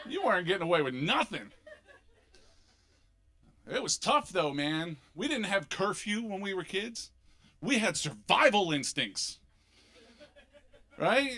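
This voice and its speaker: A middle-aged man from Philadelphia with a Philly accent, doing an animated, punchy stand-up comedy set on a club stage. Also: high voice, unhurried. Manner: animated, punchy delivery with sudden loud bursts.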